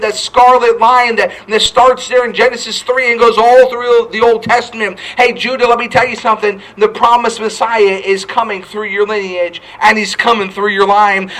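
A man's voice: high-pitched, fairly bright tone, rough recording. A male pastor preaching a fervent sermon, quoting scripture and repeating his points.

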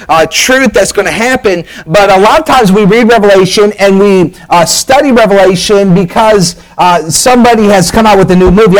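A pastor, preaching in a folksy, chatty way with frequent "all right?" asides. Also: male voice, high voice, low-quality recording. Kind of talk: sermon.

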